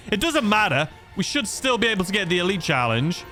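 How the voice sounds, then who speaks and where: A man's voice: sits high, big pitch swings, quick pace, hardly any pauses, pushed and bright, faint music behind. A man giving rambling, self-mocking gameplay commentary that tips into frustration. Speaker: gaming YouTuber.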